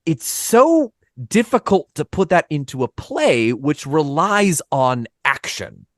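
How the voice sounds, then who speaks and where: A man's voice: on the high side, very animated, slow pace, no room sound, studio quality. A man in a casual podcast discussion of a play, thinking aloud with many fillers and hedges. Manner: thoughtful, hedging, many fillers. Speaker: podcast co-host or guest.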